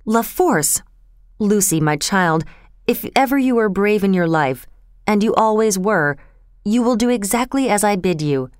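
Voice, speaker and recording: A man's voice: sits high, expressive, a little slow, clear, resonant tone, dry recording, clean studio sound. A woman voicing an older male banker who speaks urgently and protectively.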